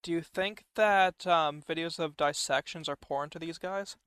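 Male guest, a bit high, dry close mic, wry one-liners. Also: a little slow, a bit bright, clean tone, dry recording. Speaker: podcast guest. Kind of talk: casual podcast chat.

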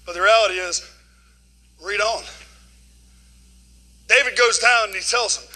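Middle-aged man preaching, high, folksy, swings loud to hushed. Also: normal speed, pauses often, low-quality recording. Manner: casual dialect grammar. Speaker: guest preacher. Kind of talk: sermon.

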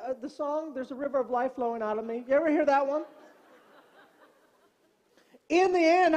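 Pastor guy cracking jokes in his sermon, lively storyteller, middle-aged. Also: very high-pitched. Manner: animated, comic, preacherly.

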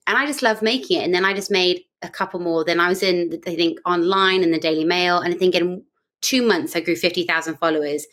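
A woman's voice: on the low side, steady tone, fairly quick, a bit bright. A young British woman with a British accent, chatting as a podcast guest and telling stories in a breezy, self-mocking way. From Britain. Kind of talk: casual podcast chat.

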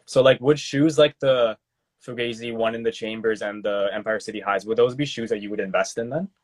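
Male interviewer, quick, somewhat low, halting casual questions. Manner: halting, filler-heavy questions. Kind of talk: casual chat.

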